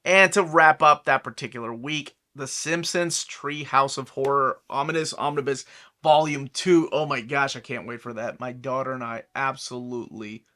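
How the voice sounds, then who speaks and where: A man's voice: mid-range voice, fairly even intonation, moderate pace, bright, forceful tone. A man in his forties with an American accent, casually running down upcoming comic releases with chatty asides and self-corrections. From United States. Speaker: comic book collector host. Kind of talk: casual product rundown.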